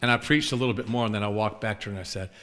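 A man's voice: on the low side, racing. A man preaching a sermon, telling humorous stories and acting out scenes, with chuckles along the way. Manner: animated, acts out scenes and chuckles at his own stories. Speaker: traveling preacher. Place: large church sanctuary. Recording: long reverb of a large church.

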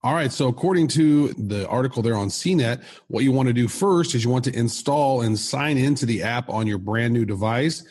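A man's voice: mid-range voice, fairly quick, few pauses, a little mellow, slightly rough. A man co-hosting a casual podcast, explaining step by step in a playful way. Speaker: podcast co-host.

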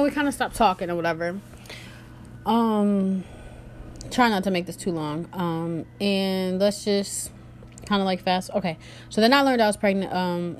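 There's a bit of background noise as a young woman casually relates a personal anecdote to her viewers. Her energy is high, fillers are everywhere, and she lowers her voice to imitate others.

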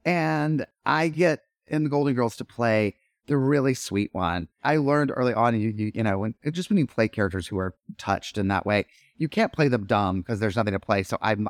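A middle-aged man, an actor and podcast guest, telling stories in animated, rambling chat full of fillers and restarts. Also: on the low side, no room sound, studio quality. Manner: animated, lots of fillers and self-interruptions. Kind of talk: casual storytelling chat.

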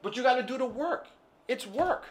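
Male podcast co-host, animated storyteller, high and very expressive. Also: moderate pace. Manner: animated storyteller, acts out scenes. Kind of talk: casual chat.

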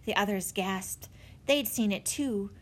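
A woman narrating a children's audiobook in an expressive storytelling manner. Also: medium pitch, a little slow. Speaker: audiobook reader.

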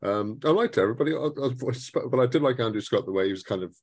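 A man co-hosting a podcast, giving his opinions on films in a measured way with hesitant restarts. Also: medium pitch, expressive, no echo. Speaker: podcast co-host. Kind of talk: casual film discussion.

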